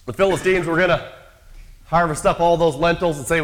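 A man's voice: fairly high pitch, steady tone, a little fast, a bit bright. A man preaching a sermon in a conversational, storytelling way, acting out quotes from the characters he describes.

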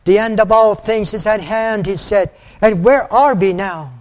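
High-pitched older man preaching fervently. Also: a little slow. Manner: fervent, repeats phrases for emphasis; quotes scripture in old-fashioned wording. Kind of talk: sermon.

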